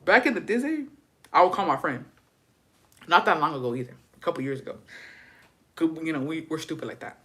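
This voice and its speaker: A woman vlogger telling a story in casual chat, profane, gossipy and animated. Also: low voice, fairly quick, long pauses.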